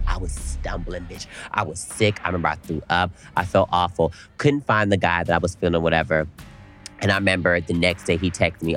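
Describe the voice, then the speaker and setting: A young man co-hosting a podcast, telling an animated story in casual chat and swearing freely. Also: deep voice. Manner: animated storytelling, frequent cursing. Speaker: podcast co-host.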